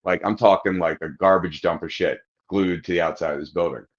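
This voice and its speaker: A man with a low-pitched voice tells a rambling, crude story in casual podcast chat. He acts out the other people's lines as he goes. The audio is dull and lo-fi. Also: fairly even intonation, fairly quick. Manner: crude, rambling anecdote with acted-out quotes. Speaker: podcast host.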